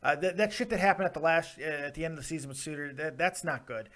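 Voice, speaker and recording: A man's voice: on the high side, quick pace, a bit bright. A man hosting a casual late-night sports call-in show, brash and profane, teasing callers and laughing often. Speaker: talk show host.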